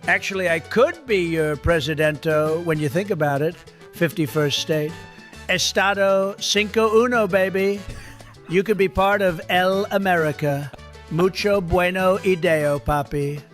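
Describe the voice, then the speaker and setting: Man putting on a cocky president caricature, high voice, swaggering mock-Spanish patter. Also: a little slow, a bit bright, soft background music. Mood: boastful. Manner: swaggering, brags, sprinkles broken Spanish words. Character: boastful male president parody, mangled mock-Spanish. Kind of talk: comedy impression bit.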